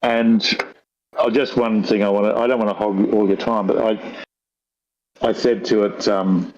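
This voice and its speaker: A man's voice: fairly low pitch, flat delivery, unhurried, a little mellow, lo-fi sound, slight background noise. An older man from Australia with a broad rural Australian accent, telling rambling stories with dry humour in a casual chat. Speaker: guest.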